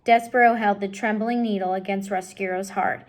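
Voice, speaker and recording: A woman's voice: mid-range voice, steady tone, moderate pace. A woman reading a children's novel aloud expressively, addressing the listener directly. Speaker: storybook reader.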